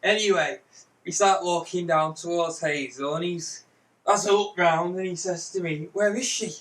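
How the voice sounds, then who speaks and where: A man's voice: fairly high pitch, steady tone, moderate pace, fairly bright tone. Rambling man telling a comic tale. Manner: rambling, mock-old-fashioned peasant talk. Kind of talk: comic storytelling. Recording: roomy, distant mic.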